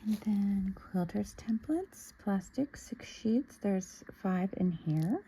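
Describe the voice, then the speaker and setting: A woman's voice: medium pitch, lively intonation, takes it slowly, mellow, slight background noise, rough recording. A woman casually showing a fabric haul, musing aloud and sometimes dropping to a near-whisper. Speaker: sewing vlogger. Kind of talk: casual show-and-tell haul.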